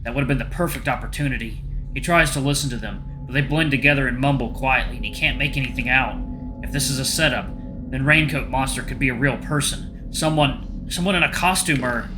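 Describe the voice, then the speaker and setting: A male let's play host reading a visual novel aloud with steady storytelling. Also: mid-range voice, fairly quick, over music.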